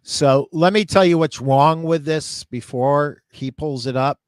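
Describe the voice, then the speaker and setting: An older man hosting a live question-and-answer show, giving business advice in a slow, measured way. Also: on the high side, clean tone, no room sound. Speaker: show host and retail consultant.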